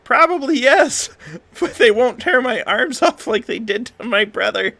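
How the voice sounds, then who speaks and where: A man's voice: extremely high pitch, animated, unhurried, vocal fry, pushed and bright, no echo, pitched above the performer's own voice, heavily acted. A man voicing Sebastian, a cheerful, oblivious talking hat who serves drinks, in a chirpy, raised voice.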